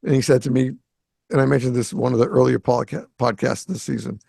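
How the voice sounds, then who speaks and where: This medium-pitched, creaky-voiced man talks fast as he hosts a podcast from his South Florida home, spinning a casual story. He's from the Greater Boston area and acts out the quoted dialogue with animation. The recording is dry.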